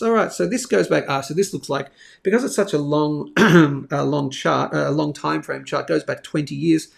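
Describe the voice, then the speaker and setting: Aussie guy doing a live markets stream, kinda high voice with a gravelly edge, rambly and chatty. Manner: chatty, thinks aloud, many fillers. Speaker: host of a live bullion market show. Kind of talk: live-stream chat and chart analysis.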